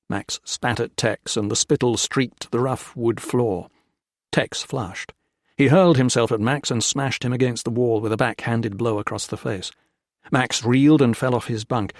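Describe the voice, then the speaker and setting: Male audiobook narrator, mid pitch, dry studio read. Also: normal speed, no room sound. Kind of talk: scripted narration.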